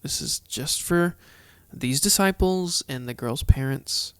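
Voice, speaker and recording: A man's voice: fairly high pitch, slow pace, a bit bright, smooth, no echo. A man hosting a podcast, reading scripture aloud in a casual Bible study with chatty, earnest asides. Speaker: podcast host.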